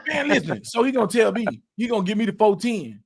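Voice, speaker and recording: Animated man telling a story. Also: high-pitched, fast, creaky, slightly rough. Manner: animated storyteller, repeats words, cusses, acts out quotes. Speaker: podcast host. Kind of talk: casual storytelling chat.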